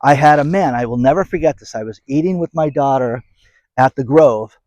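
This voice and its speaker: A man's voice: mid-range voice, brisk, darkish tone, no room sound, low-quality recording. A man hosting a casual commentary channel, rambling and sarcastic as he talks straight to his viewers. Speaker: host of an economy commentary channel.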